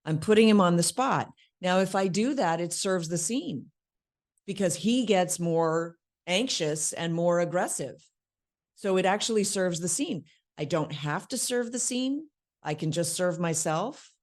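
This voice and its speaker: A woman's voice: fairly low pitch, expressive, unhurried. A middle-aged woman teaching an acting lesson in a conversational way, acting out lines as she explains. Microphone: worn microphone.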